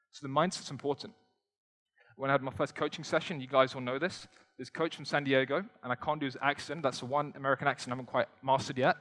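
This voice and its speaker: A young man giving an energetic motivational talk from a stage, conversational and joking with the audience. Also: medium pitch. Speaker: motivational speaker. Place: stage before a live audience in a large hall. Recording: long hall reverb.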